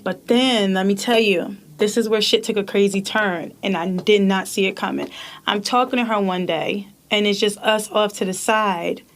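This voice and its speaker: A woman in her thirties co-hosting a podcast, telling stories in animated, profane casual chat and laughing often. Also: medium pitch, moderate pace. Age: 30s. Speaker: podcast co-host.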